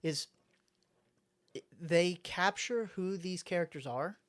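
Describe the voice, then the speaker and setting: A man's voice: high voice, takes it slowly, fairly bright tone. A young adult man co-hosting a podcast from a room at home, recapping comics in a rambling way and acting out quotes. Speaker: podcast co-host. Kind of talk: casual chat, recapping comics.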